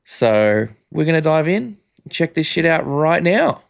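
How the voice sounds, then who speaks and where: A man's voice: a little high, big pitch swings, unhurried, vocal fry, smooth. A young Australian man hosting a casual music reaction chat, talking frankly and repeating phrases.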